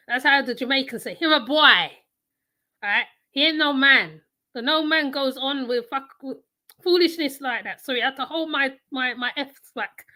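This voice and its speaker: A woman's voice: sits high, sharp tone. A woman host giving blunt, repetitive casual commentary while reacting to a video clip. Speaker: channel host reacting to clips.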